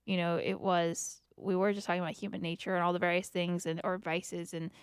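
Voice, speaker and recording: A woman's voice: fairly low pitch, little pitch movement, a little fast, clean tone, no room sound, clean studio sound. A woman co-hosting a radio talk show, musing aloud in casual chat. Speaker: radio co-host. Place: radio studio.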